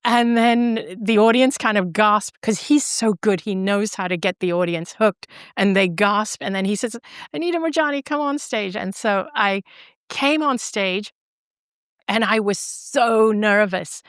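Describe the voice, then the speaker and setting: A middle-aged woman tells her story as a podcast guest, expressive and animated, with a ready laugh. Her voice is smooth and resonant. It is recorded close and dry, with no room sound. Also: mid-range voice, a little slow, no echo. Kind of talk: storytelling in an interview.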